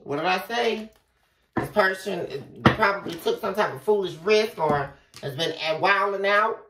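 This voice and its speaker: A woman giving a casual tarot reading, talking straight to the viewer in an animated way and swearing freely. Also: lowish voice, normal speed. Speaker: tarot reader. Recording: echoey room from far off, faint noise.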